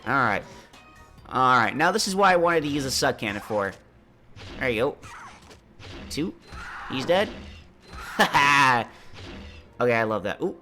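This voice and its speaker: A man's voice: medium pitch, bright, forceful tone. A man with a congested voice, casually talking through a video game as he plays and explaining each step. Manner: laid-back, chatty, explains as he plays. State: congested, under the weather. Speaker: gameplay commentator. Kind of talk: casual let's-play commentary.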